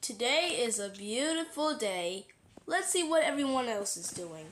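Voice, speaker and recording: A woman narrates a homemade play with toy animals in simple, halting phrases. Her voice is high and her pace slow and unhurried. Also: very animated, fairly bright tone, a little hiss or hum.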